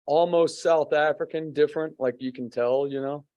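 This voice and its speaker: A man's voice: on the high side, steady tone, normal speed, a little mellow, no echo, muffled recording. An American man hosting a casual chat, joking and teasing with the occasional swear.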